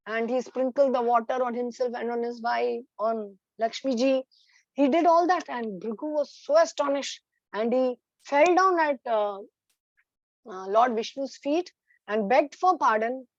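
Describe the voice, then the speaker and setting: A woman's voice: fairly high pitch, no echo, muffled recording. A woman teacher telling a story to children in an online class, hesitant with many fillers.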